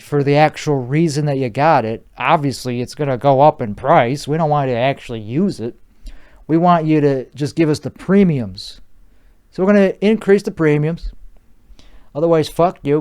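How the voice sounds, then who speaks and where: A man's voice: a little high, a little mellow, clean tone. A man hosting a solo podcast, rambling through a crude comedic riff with restarts and swearing. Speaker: podcast host.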